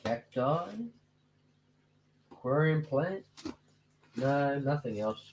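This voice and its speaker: A man's voice: medium pitch, lively intonation, extremely slow, darkish tone, a little hiss or hum. A man, hosting a fishkeeping channel, chatting casually and rambling with jokey asides. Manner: rambling, jokey, acts out silly voices. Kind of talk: casual chat, leafing through old books.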